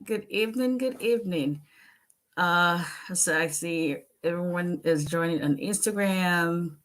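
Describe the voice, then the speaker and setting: A woman's voice: lowish voice, unhurried. A woman with a Nigerian accent, an immigration attorney chatting casually with viewers on a livestream, sounding tired after a long day. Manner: chatty, laughing, greets viewers by name.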